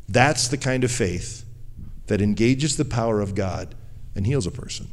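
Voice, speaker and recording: A male pastor delivers a conversational sermon at normal speed with lively intonation. He acts out what people say and drops to a low, quiet voice for emphasis.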